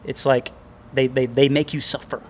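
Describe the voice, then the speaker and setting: A man spins a long, self-deprecating anecdote in relaxed chat, starting over and circling back as he goes. His pitch sits right in the middle for a man. Faint noise hums under the recording in an indoor gym. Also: normal speed. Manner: animated, self-deprecating, rambling with restarts. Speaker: podcast co-host. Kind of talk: casual storytelling chat.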